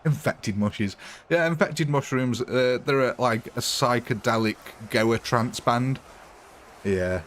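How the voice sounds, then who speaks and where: A man's voice: mid-range voice, slow pace, fairly bright tone, slight background noise. Man, casual streamer chat, rambling, fillers, frequent laughs. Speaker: livestreamer chatting with viewers.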